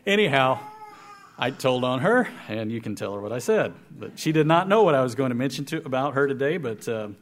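A man in his forties preaching to a congregation, telling a folksy, self-deprecating story with animated delivery. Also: medium pitch, fairly quick. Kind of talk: storytelling sermon. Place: church hall with congregation.

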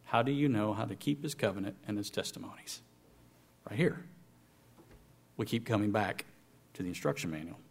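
A man preaching a sermon, reading scripture aloud with emphasis and dropping to quiet, low asides to explain it. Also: moderate pace, gravelly, long pauses.

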